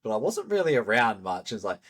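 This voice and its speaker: A man chatting casually as a podcast co-host, telling relaxed stories and acting out small quotes. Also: fairly low pitch, fast talker, breathy edge. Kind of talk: casual chat.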